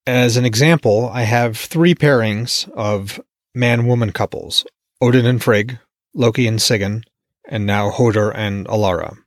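A man's voice: lowish voice, a little slow, no room sound, clean studio sound. A man hosting a podcast, casually commenting on his own novel in a musing, wry, self-deprecating way. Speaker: podcast host and author.

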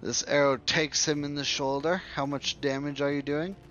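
A man's voice: fairly high pitch, flat delivery, normal speed, fairly bright tone, soft background music. A man as game master, patiently explaining rules and narrating a tabletop game. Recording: dull lo-fi audio.

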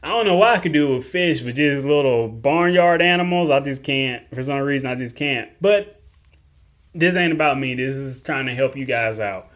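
A man's voice: medium pitch, expressive, normal speed, a bit bright. A man hosting a podcast, talking casually and joking, often holding back laughter as he gives farming advice. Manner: laid-back, joking, chuckles through lines. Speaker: podcast host. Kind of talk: casual solo podcast talk.

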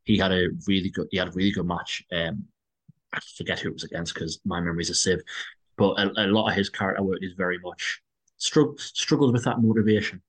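A man with a lowish voice chats casually as a podcast co-host. He rambles, restarts his sentences and laughs often. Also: fairly even intonation, a little fast, low-quality recording. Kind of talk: casual chat.

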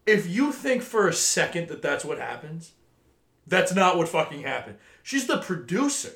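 A man's voice: a little high, very animated, moderate pace, fairly bright tone. A man co-hosting a casual podcast, telling a heated, profane story about an argument with friends. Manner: heated, swearing rant storytelling. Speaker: podcast co-host. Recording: roomy echo.

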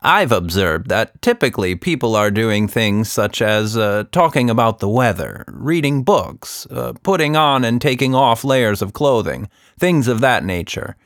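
An earnest monkey companion, played by a man, explaining things in a measured, thoughtful way. The voice sits a little higher than plain speech and moves slowly. It sounds dry and close. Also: lively intonation, a bit bright, no echo. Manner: careful, matter-of-fact, explaining.

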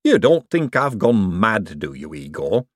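An obsessive young inventor frets and eagerly seeks reassurance, as a male narrator puts him on. His voice rises and falls in a lively way, with a dry, close sound. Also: lowish voice, measured pace, no echo. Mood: anxious.

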